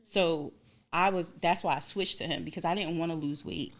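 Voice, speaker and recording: Lively woman co-host telling a story. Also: fairly low pitch, normal speed. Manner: animated storytelling, acts out voices in quotes. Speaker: podcast co-host. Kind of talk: casual chat.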